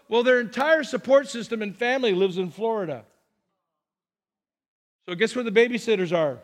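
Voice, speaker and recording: A man's voice: high-pitched, normal speed, pauses often. A man preaching a sermon as pastor, talking to the congregation in a conversational way and asking rhetorical questions. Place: church sanctuary.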